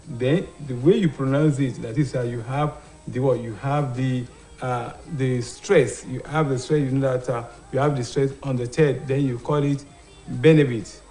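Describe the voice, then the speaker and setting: A man's voice: a little high, darkish tone. A man teaching an English pronunciation lesson on television, asking rhetorical questions and answering them himself, with frequent hesitations. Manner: hesitant, with many "uh" and "what" fillers. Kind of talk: TV classroom lesson.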